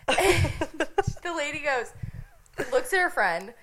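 A woman's voice: sits high, slow. Giggly young woman telling a story. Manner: animated, giggly, lots of "like" fillers. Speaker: podcast co-host telling a story. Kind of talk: casual storytelling chat.

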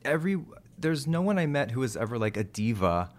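A man's voice: mid-range voice, very animated, a little fast. A man from Texas chatting casually in an interview, joking at his own expense and acting out quotes from others. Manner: chatty, self-mocking, full of asides and quoted voices. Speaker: actor and TV host, interview guest. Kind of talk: casual chat.

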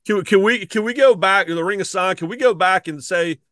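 A man's voice: high voice, fairly quick, a bit bright, no echo, clean studio sound. A man co-hosting a podcast in casual chat who often restarts and repeats words. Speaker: podcast co-host.

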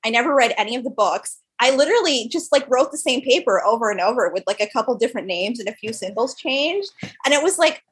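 With a fairly high, breathy voice and lively intonation, a young woman who founded a startup tells stories as a podcast guest. The interview is casual, and she speaks quickly, leaning heavily on fillers, especially "like."

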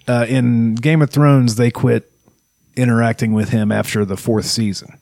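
Man, casual chat, explains at length, mid pitch. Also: steady tone, moderate pace, vocal fry, a little mellow, dry recording, clean studio sound. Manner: explanatory, many fillers.

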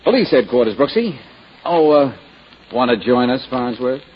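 A man's voice: medium pitch, animated, highs cut off, natural voice. A man playing a wisecracking private eye. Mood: breezy. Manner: quick sarcastic quips. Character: wisecracking male private detective, breezy and sardonic. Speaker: detective lead. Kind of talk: 1940s radio acting. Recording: hissy 1940s radio broadcast.

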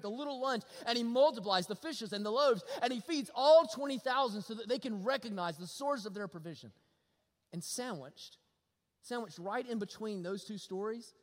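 A pastor preaching a sermon, folksy and animated, with humor and repetition. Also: male voice, very high voice. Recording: long hall reverb.

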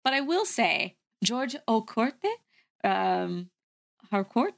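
A young woman co-hosting a podcast chats casually about a movie, giggling often and saying "like" a lot. Her voice is on the high side, expressive, slow, and gravelly.

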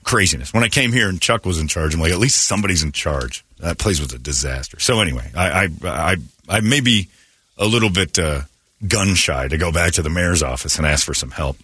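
Middle-aged male morning radio host, low and forceful, dry studio sound, rambling storyteller. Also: brisk, slightly rough, no room sound. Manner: rambling storyteller, swings into loud excited mock voices. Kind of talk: casual morning radio talk. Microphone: studio microphone.

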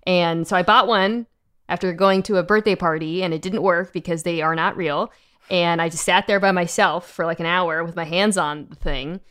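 A woman guest in casual podcast chat, talking in a flat, dry way. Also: fairly low pitch, normal speed, smooth. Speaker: football analyst guest.

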